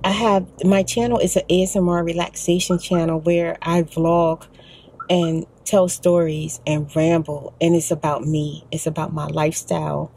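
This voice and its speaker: Exhausted soft-spoken Texan woman, raspy. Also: low voice, flat delivery, normal speed. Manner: soft-spoken, rambling, emotional. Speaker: ASMR vlogger. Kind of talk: soft-spoken rambling vlog. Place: parked car.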